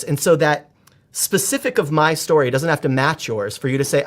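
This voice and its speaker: Expressive man in his forties, fairly high voice. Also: moderate pace. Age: 40s. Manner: animated, expressive storyteller with frequent restarts. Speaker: guest, performance coach. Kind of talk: conversational podcast interview.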